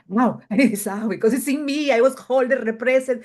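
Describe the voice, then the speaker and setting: A woman in a group discussion over a video call, sharing a personal story in an animated way, laughing often and acting out the dialogue. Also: a little high, normal speed. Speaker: group member.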